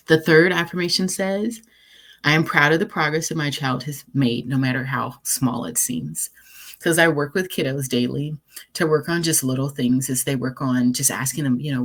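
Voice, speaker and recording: This woman's voice is husky and extremely low. As a life coach in a recorded, encouraging talk, she reads affirmations aloud in an earnest, conversational way, sometimes repeating herself or using filler.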